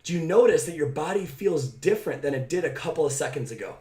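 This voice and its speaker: A man speaks as a motivational coach, energetic and direct, pressing each point home and checking in with the listener. His voice sits a little high for a man. The room rings with noticeable echo around him. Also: fast talker. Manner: energetic, emphatic and direct, with frequent "right?" asides. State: out of breath. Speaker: mindset coach. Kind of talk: motivational talk to camera. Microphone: camera mic.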